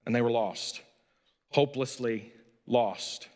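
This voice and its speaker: A man's voice: medium pitch, takes it slowly, darkish tone. A middle-aged man, a pastor and coach, preaching a sermon in a folksy, storytelling, self-deprecating way. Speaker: pastor and high school coach. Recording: long hall reverb.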